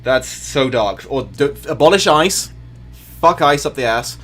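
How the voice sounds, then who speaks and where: A man hosting a charity livestream, reacting with comic, exasperated protest in animated banter. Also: mid-range voice, unhurried, faint music behind. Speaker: host.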